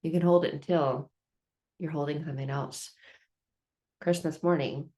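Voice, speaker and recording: A woman's voice: low-pitched, fairly even intonation, normal speed, mellow. A woman self-help speaker giving a motivational talk, storytelling with repeated, building phrases. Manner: storytelling with repetitive build-ups.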